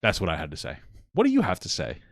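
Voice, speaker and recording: A man's voice: low voice, wildly swooping pitch, fast, creaky, husky, no echo, studio quality. A man in his thirties with a New York accent, co-hosting a casual podcast chat, profane and self-deprecating. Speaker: podcast co-host.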